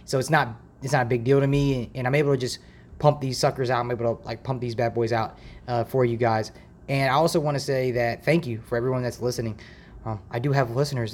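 Chatty man from Ohio hosting a podcast. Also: medium pitch. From Ohio, USA. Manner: rambling, chatty, relaxed slang. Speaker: podcast host. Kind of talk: casual faith podcast monologue. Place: makeshift home setup. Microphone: home podcast mic.

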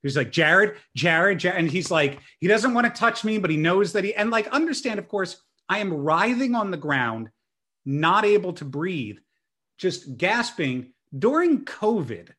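A young man telling a story in a casual chat, animated and self-mocking. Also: high voice, moderate pace.

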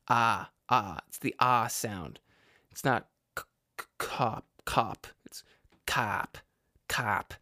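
A man's voice: mid-range voice, a bit bright, no echo, clean studio sound. A man casually rambling through movie recommendations, stumbling over words and cracking jokey asides. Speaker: vlogger reviewing movies.

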